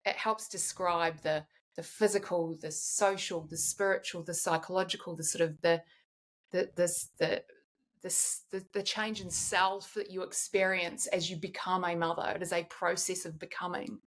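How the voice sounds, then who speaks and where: A woman's voice: on the low side, steady tone, moderate pace. A woman in her forties, a guest in a candid podcast conversation, talks in a reflective way and often restarts while she searches for words.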